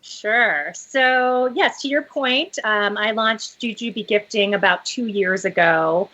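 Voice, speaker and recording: A woman guest tells her founder's story in a friendly, chatty and slightly sassy way. Her voice sits at a middling pitch, and the lo-fi line makes it sound dull and muffled. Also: slow pace, bright, forceful tone. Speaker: company founder, interview guest. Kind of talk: interview chat. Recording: dull lo-fi audio.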